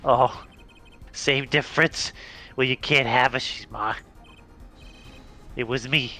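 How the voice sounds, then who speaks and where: A man's voice: mid-range voice, fairly even intonation, takes it slowly, sharp tone, faint music behind. A man voicing a hotheaded spoiled rich young man, blustering and tripping over his words.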